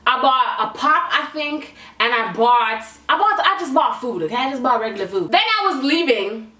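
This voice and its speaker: A woman's voice: high-pitched, moderate pace. Young woman storyteller, blunt and swearing, recorded in an echoey room. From Canada. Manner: animated, candid and profane. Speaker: vlogger. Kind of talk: storytime vlog. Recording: echoey room, mic at a distance.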